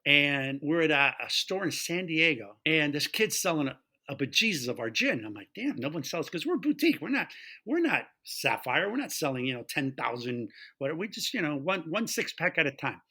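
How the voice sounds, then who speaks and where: A middle-aged man telling a story in casual conversation, animated and acting out the voices of the people he quotes. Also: fairly high pitch, brisk. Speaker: guest, taproom owner.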